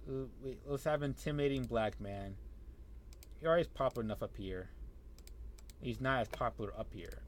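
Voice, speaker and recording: A man's voice: mid-range voice, brisk, long pauses, a little hiss or hum. A young man, casually thinking aloud and muttering as he plays a wrestling management game, talking to the characters on screen. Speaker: gameplay commentator. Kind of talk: casual let's-play commentary.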